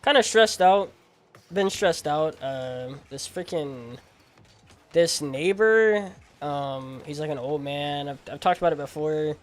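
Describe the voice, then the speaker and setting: A man streaming a game and chatting casually in a rambling, animated, slangy way. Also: on the high side, slow pace. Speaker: gaming streamer.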